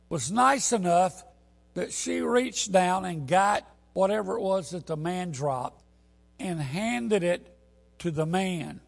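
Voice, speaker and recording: Gravelly-voiced man preaching a sermon. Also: high-pitched. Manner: storytelling, building to loud emphatic peaks.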